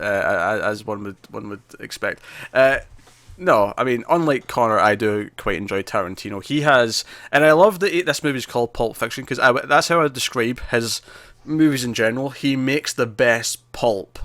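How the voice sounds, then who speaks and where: A man's voice: mid-range voice, a bit bright, dry recording. Rambling man chatting about films. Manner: rambling, many fillers and restarts. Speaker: co-host of a movie discussion show. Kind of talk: casual chat.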